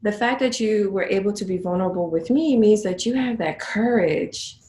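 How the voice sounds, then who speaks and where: Middle-aged woman, interview guest, warm storyteller, voices her clients. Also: medium pitch, normal speed, reverberant, a little hiss or hum. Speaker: guest, photography business owner. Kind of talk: conversational interview.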